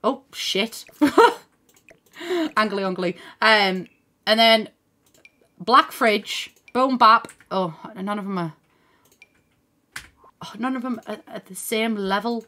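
A young woman chats casually on a live game stream, her medium-pitched voice slow and bright with a forceful edge and long pauses. She thinks aloud, thanks viewers by name, swears casually and laughs often.

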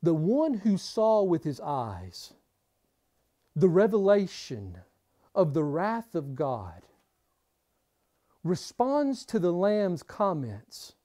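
A woman preaching a sermon, stressing points by repeating them and swinging between hushed and forceful delivery. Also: fairly low pitch, very animated, slow, pauses often. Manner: emphatic, repeats key phrases for stress.

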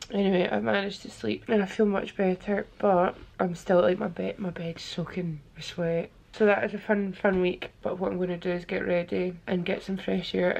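Gravelly woman, chatty and candid. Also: mid-range voice, a little mellow. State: feeling unwell. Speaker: vlogger. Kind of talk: casual vlog talking to camera. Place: hotel room.

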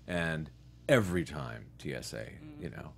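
A man's voice: a bass voice, unhurried, vocal fry. A man from New York and Connecticut, a guest actor telling stories in a casual interview chat. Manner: relaxed storyteller, quoting others in his own voice.

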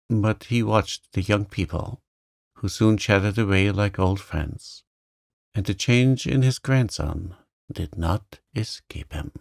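A man reading a bedtime story aloud in a gentle, soothing, calm way. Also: fairly low pitch, creaky, dry recording, clean studio sound. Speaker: narrator.

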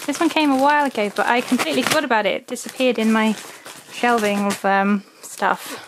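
A woman's voice: on the high side, fairly quick, background noise. A woman chatting casually as she opens fan mail at home and coos at her dog in a sing-song voice. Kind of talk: casual chat.

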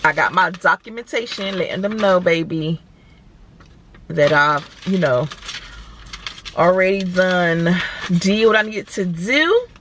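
A woman's voice: fairly low pitch, animated, takes it slowly, long pauses, noisy background. A woman, vlogging and chatting animatedly to viewers from her car. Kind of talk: casual chat to camera.

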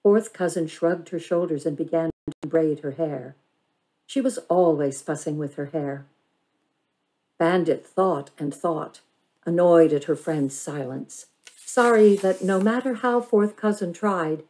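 Warm-voiced woman reading a novel. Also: deep voice, rough recording. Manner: measured, expressive storytelling. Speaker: reader. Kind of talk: reading a children's novel aloud.

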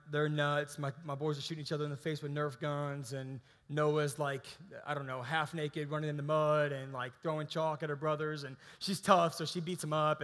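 Pastor preaching, echoing church hall. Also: male voice, fairly high pitch, a bit bright. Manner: conversational preaching with frequent restarts. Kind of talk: sermon.

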